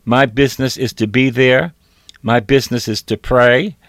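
A man's voice: mid-range voice, steady tone, moderate pace, dry recording. A man preaching a sermon, reading scripture aloud and repeating phrases for emphasis.

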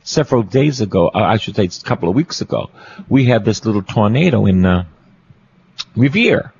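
A man's voice: fairly low pitch, lively intonation, normal speed, a little mellow, muffled recording, slight background noise. A Catholic priest, a man, preaching a storytelling sermon, repeating phrases for emphasis and asking his listeners questions.

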